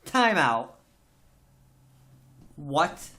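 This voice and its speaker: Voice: medium pitch, animated, unhurried, a bit bright. A podcast host in a casual book discussion, talking emphatically and venting strong opinions.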